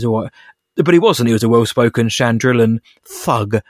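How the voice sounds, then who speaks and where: A man co-hosting a podcast, rambling and animated as he talks, often stopping and restarting his sentences. His voice sits at an ordinary middle pitch, recorded close and dry with no room sound. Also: brisk, no echo. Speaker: podcast co-host. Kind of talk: casual podcast chat.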